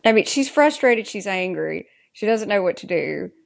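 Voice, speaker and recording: A woman's voice: mid-range voice, lively intonation, vocal fry. A woman co-hosting a podcast, chatting casually through an episode recap and reading scene lines aloud. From Southern US. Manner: unhurried, reads scene dialogue aloud. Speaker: podcast co-host.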